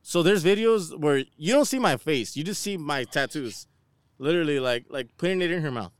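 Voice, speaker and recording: A man's voice: fairly high pitch, expressive, fairly quick, clear, resonant tone, no echo, clean studio sound. A young man co-hosting a casual chat, telling rambling crude stories full of slang and swearing. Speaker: podcast co-host.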